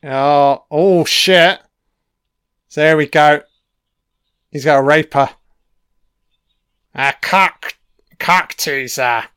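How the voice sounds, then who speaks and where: Brief: male film commentator, unhurried, smooth clear voice, swears a lot, yells at the screen. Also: on the high side, no room sound, clean studio sound. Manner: swears constantly, cheers at the screen. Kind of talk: casual profane film reaction commentary.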